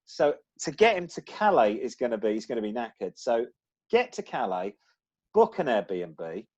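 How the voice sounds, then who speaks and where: A man chatting on a podcast. His pitch swings up and down as he talks. He rambles and restarts his sentences as he thinks out loud. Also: sing-song, moderate pace, lo-fi sound. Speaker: podcast co-host. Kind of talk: casual chat.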